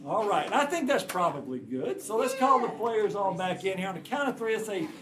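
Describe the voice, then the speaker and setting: Lively improv show host. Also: mid-range voice, brisk. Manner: chatty, coaxing the audience for suggestions. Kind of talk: hosting a live improv show. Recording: live room with loud audience.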